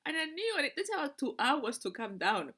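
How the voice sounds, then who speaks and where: A woman and spiritual teacher telling a personal story in a casual monologue, animated, laughing often and repeating words. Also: sits high, fairly quick.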